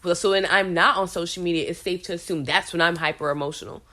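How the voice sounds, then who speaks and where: A woman's voice: fairly low pitch, fairly even intonation, fast, bright, forceful tone. A woman in her forties co-hosting a casual commentary chat, talking expressively and reflectively, often restarting her sentences. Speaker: podcast co-host.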